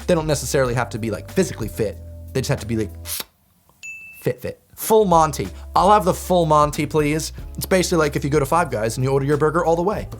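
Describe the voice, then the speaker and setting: A man's voice: mid-range voice, lively intonation, faint music behind. A young man, casually joking through a quiz and reading definitions aloud with mock outrage. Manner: playful, joking, quick laughs and mock outrage. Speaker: video host.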